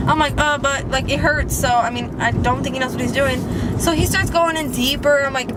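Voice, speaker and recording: A woman's voice: high voice, fairly quick, very noisy. A teenage girl telling a casual storytime vlog from inside a car, chatty and full of "like", acting out what people said. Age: teens. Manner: chatty, lots of "like" and acted-out quotes. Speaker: vlogger.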